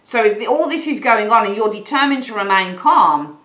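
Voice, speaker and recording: A woman's voice: mid-range voice, animated, brisk, a bit bright, echoey room, poor audio. A woman giving a tarot reading, blunt and frank, swearing casually and repeating herself. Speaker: tarot reader. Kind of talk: monthly tarot reading, ranting aside.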